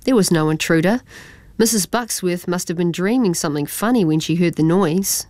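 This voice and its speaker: A woman voicing a calm, dignified father who speaks slowly and measuredly in a storybook. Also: on the low side, no echo, lightly acted. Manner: slow and measured.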